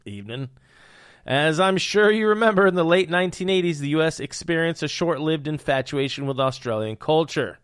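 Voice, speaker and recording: Heard in clean, echo-free studio sound, a young man with a higher, fairly bright voice hosts a podcast. He riffs on the news comedically, packing in puns and hyped-up, jokey asides.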